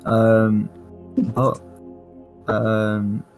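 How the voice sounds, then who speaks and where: A man's voice: fairly low pitch, level tone, drawn-out words, a little mellow, soft background music. A man describing his character's actions in a tabletop game, hesitant and full of fillers. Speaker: player.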